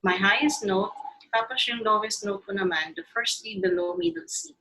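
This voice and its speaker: A woman's voice: medium pitch, normal speed, sharp tone, rough recording. A woman with a Filipino accent teaching voice in an online choir workshop, mixing English and Filipino in a coaxing, playful way over a video call.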